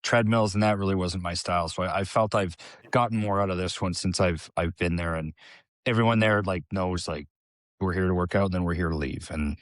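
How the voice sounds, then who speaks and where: A deep-voiced man chatting on a podcast, easygoing and rambling as he talks things through. The sound is close and dry. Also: a little fast, dry recording. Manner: relaxed, rambling, many fillers. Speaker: podcast co-host. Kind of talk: casual chat.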